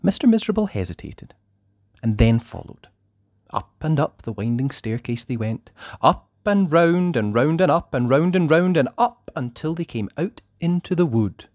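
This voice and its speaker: A storyteller reading a children's picture book aloud in an expressive, sing-song way. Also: medium pitch, normal speed, no room sound, clean studio sound.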